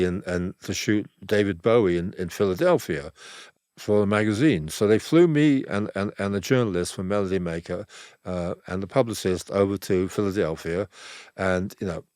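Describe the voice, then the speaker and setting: An older man, a photographer guesting on an interview, telling stories in a relaxed, rambling way and acting out the dialogue he quotes. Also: on the low side, dry recording, clean studio sound. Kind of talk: relaxed anecdotal storytelling.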